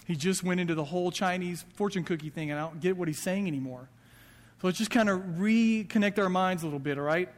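Male pastor, conversational sermon, higher voice, long hall reverb. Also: fast talker. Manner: conversational preaching with quoted asides. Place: church sanctuary.

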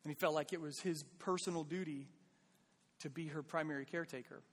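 A man's voice: fairly high pitch, steady tone, fairly quick, in a large hall. A man preaching a sermon as pastor, earnest and conversational, pleading with his listeners.

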